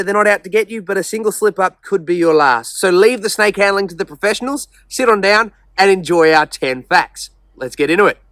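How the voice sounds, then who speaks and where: A man with an Australian accent presenting a wildlife video in a friendly, instructive, measured way. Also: high-pitched, a bit bright, dry recording.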